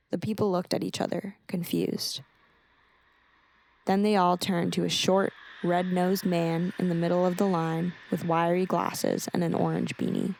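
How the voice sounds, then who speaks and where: Gravelly low-voiced woman narrator. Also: a little slow. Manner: steady storytelling. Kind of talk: audiobook narration.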